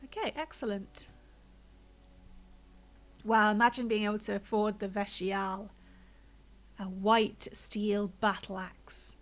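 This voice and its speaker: A woman's voice: mid-range voice, fairly even intonation, slow pace, pauses often, a bit bright. A woman streaming a game, chatting casually and thinking aloud as she plays, a little out of breath and with a blocked nose. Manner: chatty, thinks aloud, narrates own choices. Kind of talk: casual gameplay commentary.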